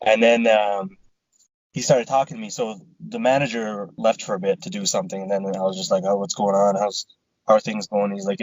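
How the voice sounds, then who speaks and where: A podcast co-host with a lowish male voice tells a casual story, swearing heavily and acting out the back-and-forth in quoted dialogue. The recording is muffled but has no echo.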